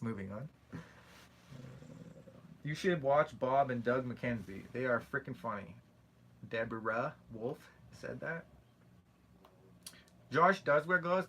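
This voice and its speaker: Over slight background noise, a young Canadian-accented man hosts a laid-back livestream in a medium-pitched voice. He jokes around, chats, reads out comments and turns animated during his stories.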